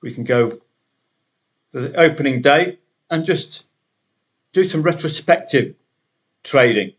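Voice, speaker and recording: A man's voice: mid-range voice, animated, slow. A man hosting a solo betting podcast, talking through the day's matches in a chatty way with wry asides.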